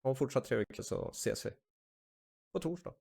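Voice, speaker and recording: Gravelly-voiced man from Sweden, lively. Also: medium pitch, brisk. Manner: chatty, reacting with short gasps and asides. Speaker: reaction video host. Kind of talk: casual reaction commentary.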